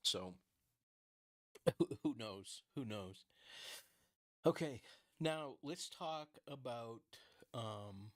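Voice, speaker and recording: A man in casual solo commentary on a true-crime case, at a middling pitch for a man. He rambles, restarts his sentences and leans on filler words. He breaks into laughter often and swears bluntly. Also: animated, very slow, pauses often.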